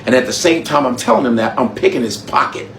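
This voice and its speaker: A man's voice: mid-range voice, fast, fairly bright tone, a little hiss or hum, pitched below the performer's own voice, lightly acted. A man voicing a scheming older politician in a sly, smug tone, with a roomy echo.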